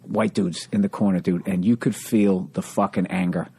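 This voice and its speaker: A man telling profane, animated stories in a casual comedy podcast chat, acting out quotes from the crowd. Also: sits low, normal speed, gravelly, slightly rough.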